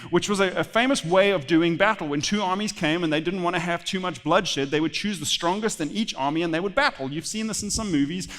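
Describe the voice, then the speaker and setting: A bright, high-pitched male pastor preaching in a church, his voice ringing with a long hall reverb. He tells the story in an animated, storytelling way with playful asides to the congregation. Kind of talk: sermon.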